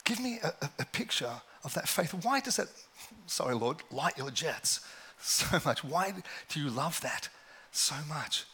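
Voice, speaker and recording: Husky bright-voiced male preacher. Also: a little high, big pitch swings, unhurried. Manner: conversational, self-deprecating, laughs often. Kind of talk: sermon with personal stories.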